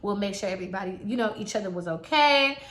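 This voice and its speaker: A woman's voice: mid-range voice, animated, quick pace, fairly bright tone. A young woman in her twenties chatting casually as she tells a personal story, acting out what others said. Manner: chatty, quotes others in acted voices. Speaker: vlogger. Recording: echoey room.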